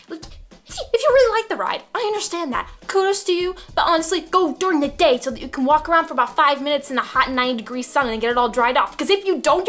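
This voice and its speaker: A young woman telling stories to camera in a casual vlog, animated and laughing, with sudden loud outbursts and hushed asides. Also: on the high side. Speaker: vlogger.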